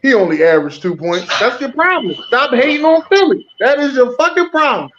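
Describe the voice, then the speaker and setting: Loud, profane man in heated sports banter. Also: very high-pitched, very animated, fairly quick, a little hiss or hum. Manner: loud, profane, teasing, repeats himself. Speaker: podcast co-host. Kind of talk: heated casual sports debate. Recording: dull lo-fi audio.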